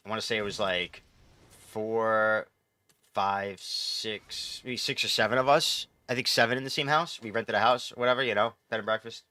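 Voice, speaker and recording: A man's voice: lowish voice, moderate pace, sharp tone, no echo. A man chatting casually on a live gaming stream, rambling and swearing as he answers chat. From New York.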